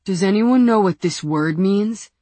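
Dull-witted menacing man, flat, halting, husky, dry, read by a woman narrator. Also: mid-range voice, no room sound, lightly acted.

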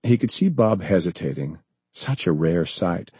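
A man reads a thriller in measured, steady narration. His voice is low, dark and husky, recorded close and dry with no room sound. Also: no echo. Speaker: audiobook narrator. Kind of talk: scripted narration.

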